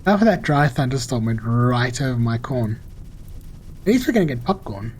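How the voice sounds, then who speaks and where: A man's voice: mid-range voice, big pitch swings, moderate pace, a little mellow, a little hiss or hum. A young man casually commenting on a game he plays and chatting with viewers, easygoing and self-mocking. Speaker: gaming streamer. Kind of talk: casual Let's Play commentary reading chat. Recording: faint music behind voice.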